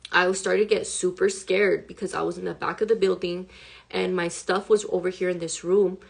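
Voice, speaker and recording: A woman's voice: lowish voice, fairly even intonation, moderate pace, vocal fry, slightly rough. A woman hip hop artist recounting a frightening event in a casual vlog, shaken and emotional, swearing often and saying "like" a lot.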